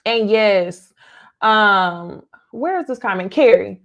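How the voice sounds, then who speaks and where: A woman hosting a casual reality TV recap, talking straight to her viewers in an animated, chatty way. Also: medium pitch, slow, dull audio.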